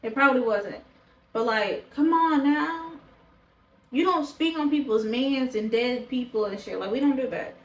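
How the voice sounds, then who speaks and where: A woman's voice: high voice, moderate pace, roomy sound, rough recording. Blunt, foul-mouthed woman reviewer. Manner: blunt, profane and opinionated. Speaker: show reaction vlogger. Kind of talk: casual review chat to camera. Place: indoors, talking to a camera.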